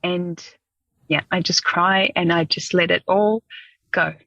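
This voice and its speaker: Middle-aged woman, podcast guest, candid storytelling; low-ish voice, dry muffled mic. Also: steady tone, slow pace, creaky, sharp tone, dry recording. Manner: reflective, open, frequent ums.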